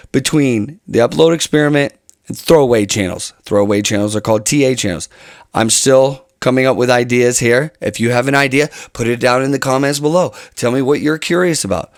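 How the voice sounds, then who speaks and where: A man's voice: mid-range voice, moderate pace, no room sound, studio quality. A man talking casually to camera about his channel plans, rambling and often restarting his phrases. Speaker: channel host.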